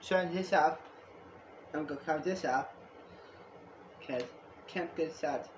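Excitable high-voiced man in an echoey room. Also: takes it slowly, slight background noise. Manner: excitable, repetitive, jumps between topics. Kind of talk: rambling home video monologue.

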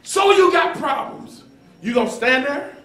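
A man preaching a sermon as pastor, with call-and-response and sudden dramatic shouts, recorded in a church. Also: extremely high pitch, animated, unhurried. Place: church sanctuary. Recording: echoey church hall from far off.

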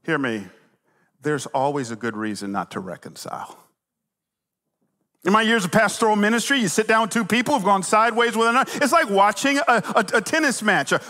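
Middle-aged guy pastor preaching, real bright ringing voice, big hall echo, goes loud then real quiet. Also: sits high, a little fast. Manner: animated storytelling, swinging from loud to hushed. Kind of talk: sermon. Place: church sanctuary. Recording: long reverb of a large hall.

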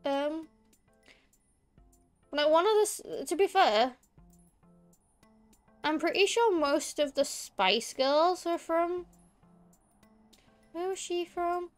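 A woman's voice: extremely high pitch, lively intonation, slow pace, long pauses, faint music behind. A young woman, chatting casually on a gaming stream, rambling with lots of fillers and restarts. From Liverpool area, England. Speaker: VTuber streamer.

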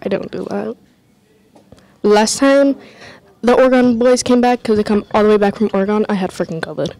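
A woman's voice: medium pitch, brisk, warm tone. A young woman co-hosting a student broadcast, teasing and casual. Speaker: student co-host.

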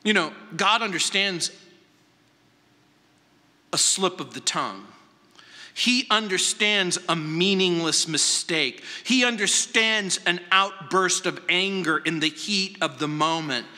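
A male pastor delivers a sermon at an unhurried, measured pace, stressing words through repetition and long pauses. His voice sits high and sounds sharp and bright. The recording has the long, lingering reverb of a large church sanctuary. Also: animated. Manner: deliberate, dramatic pauses and emphatic repetition. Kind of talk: verse-by-verse sermon.

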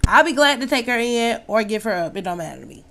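A woman's voice: fairly high pitch, sing-song, fast, gravelly, very noisy. A young woman giving casual, chatty commentary on her life-sim playthrough, laughing often and scolding her characters. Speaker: let's play host.

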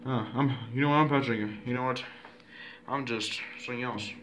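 A man's voice: medium pitch, fairly even intonation, a little fast, fairly bright tone, slight background noise. A man fooling around in a playful home video, giggling, repeating himself and inventing silly names for himself.

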